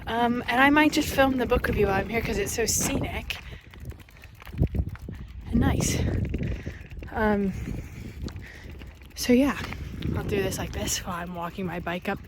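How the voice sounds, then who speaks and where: A young woman rambles and jokes at herself in a chatty vlog, a little out of breath as she talks. She records on a handheld phone outdoors in the countryside. Steady noise runs behind her voice. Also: mid-range voice, moderate pace, pauses often. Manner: rambling, chatty, self-deprecating. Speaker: book vlogger. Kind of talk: casual vlog chat.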